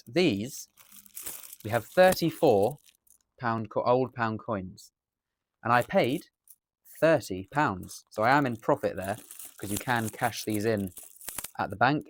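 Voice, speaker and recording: A man's voice: medium pitch, a little hiss or hum. An English man chatting through a coin unboxing as a dealer, rambling and correcting himself as he goes. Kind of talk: casual unboxing commentary. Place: indoors at a table.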